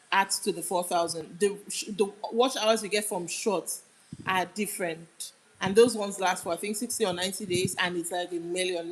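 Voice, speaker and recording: A woman's voice: fairly low pitch, low-quality recording. A young woman with a Nigerian accent hosts a casual livestream. She chats with her viewers and reads out their comments as she goes, often trailing off mid-sentence. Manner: chatty, answers comments aloud, drifts off mid-sentence. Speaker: livestream host.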